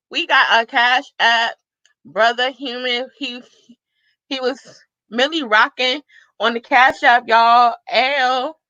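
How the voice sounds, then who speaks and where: Bright-voiced woman hosting a casual live chat. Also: no room sound. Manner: chatty, reading out the chat and giving shout-outs; bursts into excited high exclamations. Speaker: livestream host. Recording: dull, dry lo-fi live-stream audio.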